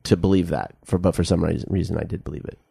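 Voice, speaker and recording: A very deep man with a gravelly edge co-hosts a podcast in a casual chat. He talks in dry, wry asides. His voice is close and dry, with no room around it. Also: steady tone, fast talker, mellow, no echo. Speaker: podcast co-host.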